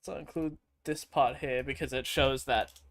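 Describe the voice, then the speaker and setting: A man's voice: mid-range voice, steady tone, moderate pace, a bit bright. A man streaming and chatting casually over gameplay, rambling and swearing freely. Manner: rambling, crude and profane.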